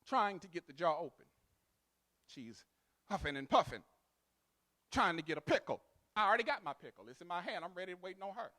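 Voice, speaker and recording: A male pastor a sermon. He swings from loud, sung, rhythmic to quiet, chatty storytelling. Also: sits high, big pitch swings, fairly quick, long pauses. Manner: builds to loud, sung preaching cadence, then drops to quiet storytelling.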